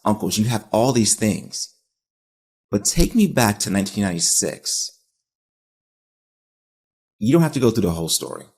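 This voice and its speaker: A low-voiced, husky man hosting a podcast interview. He speaks earnestly and with feeling, pressing his point like a pep talk. His tone is deep and a little rough. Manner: earnest, emotional, motivational. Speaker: podcast host.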